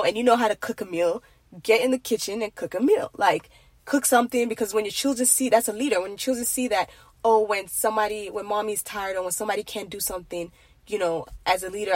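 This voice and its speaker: A woman's voice: medium pitch, no echo. Young woman, earnest, rambling, casual faith talk, dry close sound. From Nigeria. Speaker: faith vlogger.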